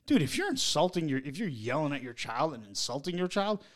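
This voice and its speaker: A man co-hosting a parenting podcast in casual chat, animated and quick to swear, often stammering through restarts. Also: on the high side. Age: adult parent. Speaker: podcast co-host.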